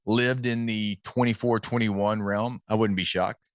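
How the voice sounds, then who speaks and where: A man's voice: lowish voice, steady tone, measured pace, no echo, studio quality. A male sports radio host in casual conversation, rambling with restarts.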